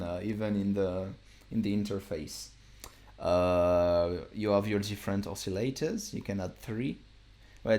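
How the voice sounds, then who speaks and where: Male producer, deep voice, casual stream walkthrough, relaxed and rambling with fillers. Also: vocal fry.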